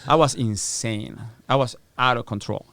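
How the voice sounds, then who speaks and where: A middle-aged American man, a guest on a podcast, tells stories in an animated interview, swearing freely and acting out the voices of the people involved. His mid-range voice is creaky and a bit bright, at a moderate pace, in a dry recording.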